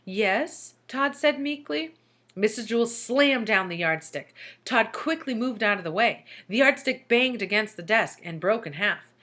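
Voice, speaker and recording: A woman reading a children's book aloud with lively storytelling. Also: mid-range voice, normal speed, hardly any pauses. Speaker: reader.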